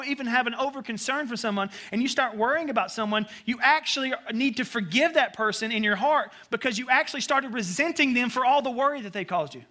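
High, bright-voiced Southern pastor preaching. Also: male voice. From American South. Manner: conversational preaching with sudden animated asides. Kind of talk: sermon.

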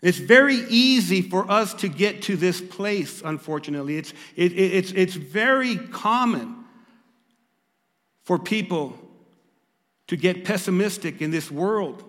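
A man preaching a sermon to a church congregation. He stumbles over repeated words and rises to loud, emphatic reading. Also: high-pitched, animated, a little slow, in a large hall. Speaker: pastor. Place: church service.

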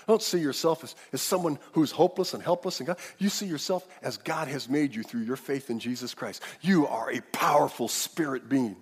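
A man's voice: medium pitch, expressive, normal speed, husky. A man pastor preaching an emphatic sermon, leading the congregation in call-and-response. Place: large church hall. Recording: reverberant church hall.

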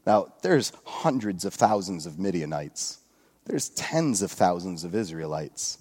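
A male pastor preaching a sermon at a church service, retelling a scripture story in a relaxed, joking way with lots of asides. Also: low voice, measured pace, husky. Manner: casual storytelling with jokes and asides.

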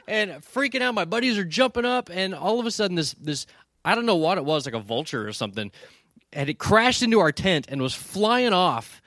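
A man telling a lively story with many restarts, building toward a lesson. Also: high-pitched, brisk, no room sound, clean studio sound. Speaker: speaker. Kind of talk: storytelling sermon.

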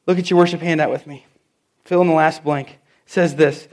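A middle-aged man preaching a sermon in church, telling stories and stressing key phrases with slow, emphatic repeats. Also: high voice. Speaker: pastor.

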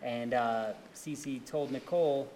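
A man co-hosting a faith podcast with his wife, calmly adding to her story in casual chat. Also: medium pitch, takes it slowly, slight background noise. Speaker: co-host, the storyteller's husband.

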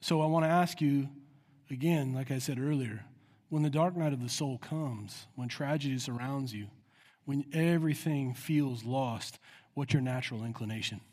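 A man's voice: medium pitch, normal speed, darkish tone. A man preaching a sermon with earnest emphasis, acting out prayers in a raised voice. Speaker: pastor. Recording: long hall reverb.

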